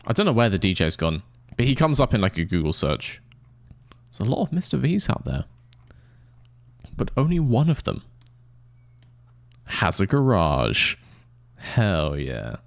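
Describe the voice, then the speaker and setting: A young Englishman with a lowish voice rambles to his stream chat in sweary, mock-outraged banter. His pitch swings widely as he riffs, and the sound is dry and close with no room around it. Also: huge pitch swings, unhurried, vocal fry, long pauses, no echo. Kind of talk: casual live-stream chat to viewers.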